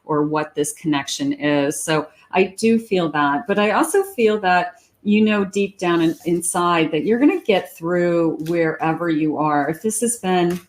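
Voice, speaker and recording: A woman reading tarot cards aloud in a chatty, reassuring way, thinking out loud as she goes. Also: fairly low pitch, lively intonation, a little slow. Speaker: psychic tarot reader.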